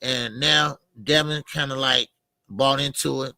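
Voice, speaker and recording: Gravelly, blunt boxing-talk man. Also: mid-range voice, fairly even intonation, a little slow, bright, forceful tone, no room sound. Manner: blunt, repetitive, heated. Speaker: boxing commentator. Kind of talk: casual boxing debate.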